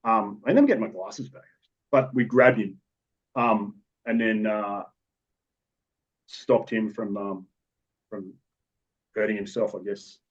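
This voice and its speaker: A man's voice: lowish voice, slow, long pauses, breathy edge. A man with an Australian accent, a police officer telling stories from the job in a podcast interview, in a matter-of-fact, rambling way with restarts. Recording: dull lo-fi recording.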